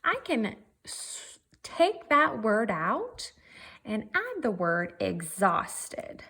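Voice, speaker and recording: A woman's voice: on the high side, huge pitch swings, very slow, vocal fry, bright, forceful tone, slightly rough. A woman teacher giving a virtual writing lesson, working through her draft methodically and thinking aloud step by step.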